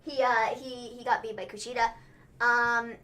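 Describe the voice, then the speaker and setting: A woman's voice: a little high, little pitch movement, normal speed, pushed and bright. A young woman co-hosting a casual livestream recap, giggling often and teasing, trailing off into fillers. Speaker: wrestling livestream co-host.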